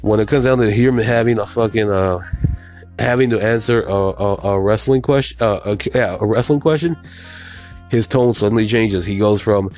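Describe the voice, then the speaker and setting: A podcast host with a lowish, slightly mellow voice rants solo on his own show at a moderate pace, with soft music behind. He's casual, profane, and rambling, keeps saying "you know what I mean," and mocks others in a put-on voice.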